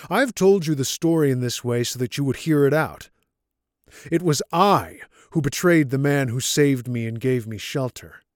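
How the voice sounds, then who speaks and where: A man reading the part of a scarred older man gravely confessing that he betrayed his rescuer, in an audiobook story. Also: medium pitch, expressive, a little slow, darkish tone, dry recording, clean studio sound, lightly acted. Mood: anguished.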